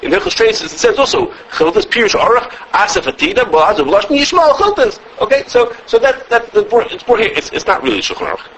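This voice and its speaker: A man giving a halacha class as a teacher, animated, often repeating words and checking with "okay?". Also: very high voice, fast talker, few pauses, highs cut off, slight background noise. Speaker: Torah teacher.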